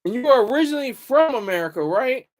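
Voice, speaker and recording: A man's voice: extremely high pitch, expressive, fast. A man hosting a casual livestream, rambling and talking back to viewer comments. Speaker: livestream host.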